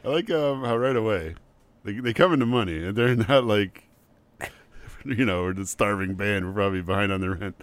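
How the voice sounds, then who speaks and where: A man's voice: fairly low pitch, fairly quick, no room sound. A man co-hosting a podcast, chatting casually with joking asides and easy laughter. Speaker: podcast co-host. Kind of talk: casual chat.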